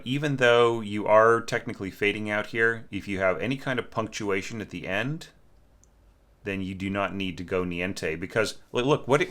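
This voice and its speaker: At home, with a cat snoring in the room, a man with a deep, crisp, slightly bright voice critiques a score while teaching orchestration. He's candid and conversational, uses lots of fillers, and hums passages to show how they should sound.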